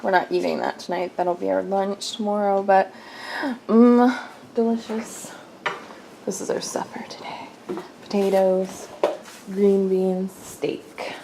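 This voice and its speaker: A woman's voice: mid-range voice, steady tone, slow pace, vocal fry, noisy background. Young woman vlogger, chatty and rambling, talks to a handheld camera at home, mid-range voice. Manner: chatty, rambling, laughs often. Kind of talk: casual daily vlog narration. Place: home kitchen.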